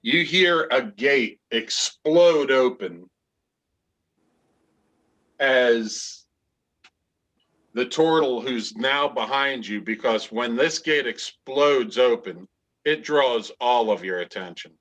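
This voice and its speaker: A man narrating a tabletop fantasy game as game master, in a measured storytelling manner. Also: mid-range voice, a bit bright.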